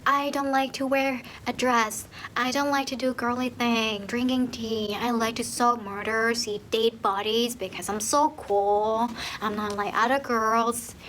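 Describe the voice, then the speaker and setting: A woman's voice: a little high, steady tone, measured pace, hardly any pauses, fairly bright tone, a little hiss or hum, rough recording. A woman voicing a smug, self-absorbed young heroine in a snooty, mocking tone.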